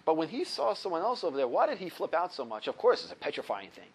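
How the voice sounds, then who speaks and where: A man teaching a religious ethics lesson, telling a story animatedly with big swings between loud and soft. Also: on the high side, sing-song, quick pace, breathy edge. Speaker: Torah teacher.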